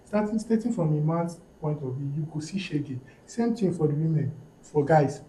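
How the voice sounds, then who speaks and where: A Nigerian man talks as a podcast guest, emphatic and repeating his points with pidgin phrases mixed in. His voice sits a little high but sounds very dark and mellow. The recording has a roomy echo. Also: expressive, normal speed, a little hiss or hum. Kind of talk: casual podcast discussion.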